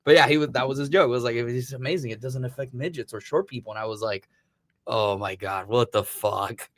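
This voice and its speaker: A man's voice: mid-range voice, fast, a bit bright, dry recording. A man from Missouri, a podcast host, telling stories in casual chat and swearing freely. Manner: rambling storyteller, swears freely.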